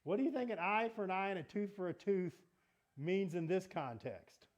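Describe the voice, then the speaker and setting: A man's voice: high voice, animated, normal speed, highs cut off. A man teaching a casual Bible study in a church meeting room, talking in a conversational way and asking the group questions.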